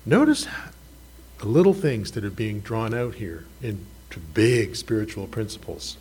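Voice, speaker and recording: Man, pastor, sermon, husky voice, animated pitch, conversational, asks listeners questions. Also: a little slow. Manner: conversational, self-deprecating, asks the congregation questions.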